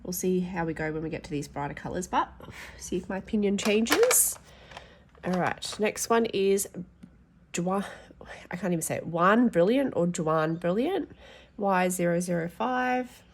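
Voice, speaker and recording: A woman's voice: on the low side, animated, normal speed, a little hiss or hum. A woman with a stuffy, nasal voice from hay fever, chatting frankly as she swatches pencils for her colouring vlog. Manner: chatty, frank, thinking aloud. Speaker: adult colouring YouTuber. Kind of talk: casual swatch-testing vlog.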